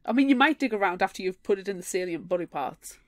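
A woman's voice: mid-range voice, lively intonation, fast. A woman co-hosting a podcast, chatting casually and enthusiastically about a book and laughing often. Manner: giggly, enthusiastic, reads quotes aloud. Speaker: podcast co-host.

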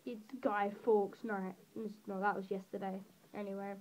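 A teenage girl with a southeast English accent, from England, makes drawing tutorials and rambles through a colouring session in a casual voice-over full of giggly, self-deprecating asides. Her voice sits at a medium pitch with fairly even intonation, moving at a moderate pace with hardly any pauses. The audio sounds dull.

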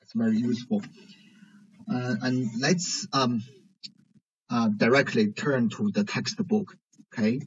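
A man teaching a language lesson in English, pausing often with fillers. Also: medium pitch, steady tone, husky. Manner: hesitant, many pauses and fillers. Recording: dull lo-fi recording.

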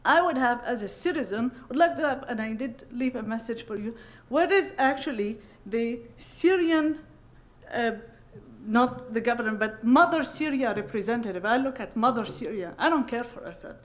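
A woman in the audience at a panel, asking an emotional, halting question and apologizing often. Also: on the high side, expressive. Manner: impassioned, halting, repeatedly apologizing. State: upset, emotional. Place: conference hall.

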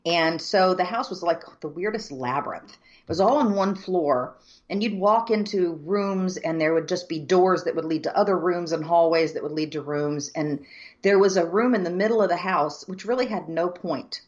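A woman from the southern United States with a very low voice, telling a story at an unhurried pace with plenty of ums. The audio is dull and lo-fi. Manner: measured, many ums, descriptive. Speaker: co-host. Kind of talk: casual chat, storytelling.

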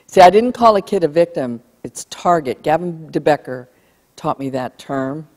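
A woman with a low-pitched, darkish voice speaks at normal speed in an emphatic keynote on bullying before a live audience. She plays out what parents and kids say, and the sound has a long hall reverb.

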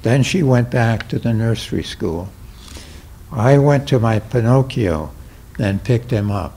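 Slow, mellow older man reading a memoir. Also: medium pitch, expressive. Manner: slow, measured reading with mild voicing of quoted characters. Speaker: memoir reader.

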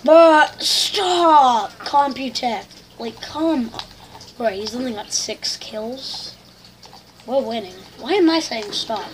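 A woman giving excitable, complaining live commentary over a shooter game she is playing, full of slang. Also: fairly high pitch, slow pace, slight background noise. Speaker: gamer.

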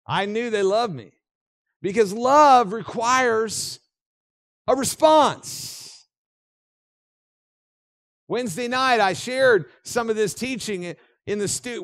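A middle-aged male pastor preaches in a church with an animated, joking delivery. His voice sits high for a man, and the recording is dry and close. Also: no echo. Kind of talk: sermon. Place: church sanctuary.

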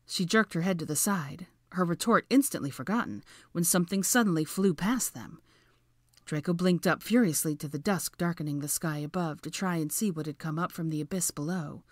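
A woman narrating a story in a steady, measured read. Her voice sits on the low side, and the recording is dry and close with no room sound. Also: no room sound. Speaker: fanfiction reader. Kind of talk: scripted narration.

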